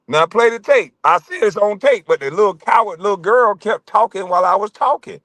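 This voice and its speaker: Man streamer, profane mocking rant, lively swinging pitch, dry close sound. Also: normal speed, dry recording. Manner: mocking, profane, laughs often. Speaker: livestream host.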